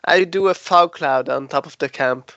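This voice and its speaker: A man playing a tabletop game, hesitant with many ums and quick to giggle. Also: a little high, gravelly, pushed and bright, dry recording, muffled recording. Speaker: player. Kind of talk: tabletop role-play.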